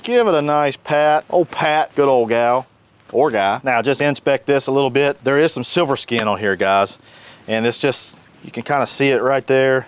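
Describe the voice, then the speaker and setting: Man, folksy, joking, casual cooking host, outdoors by the grill, mid-pitched voice. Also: smooth. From North Carolina. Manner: folksy, jokey, animated.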